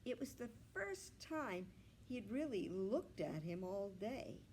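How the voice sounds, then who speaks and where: A woman librarian reading a children's storybook aloud in a gentle, expressive way. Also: mid-range voice, slow, a little hiss or hum, rough recording.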